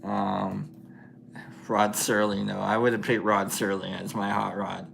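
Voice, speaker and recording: A man's voice: on the low side, flat delivery, measured pace, vocal fry, fairly bright tone, slight background noise. A man hosting a casual livestream, chatting with viewers while he paints, laughing often and thinking aloud with many fillers. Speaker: livestream host.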